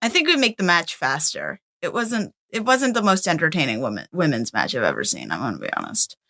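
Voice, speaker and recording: A young woman from Canada chats on a podcast in a bright, sharp voice that swings widely in pitch. She giggles a lot and gives blunt, quick opinions. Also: sing-song, vocal fry. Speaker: podcast guest, host's daughter. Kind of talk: casual podcast chat.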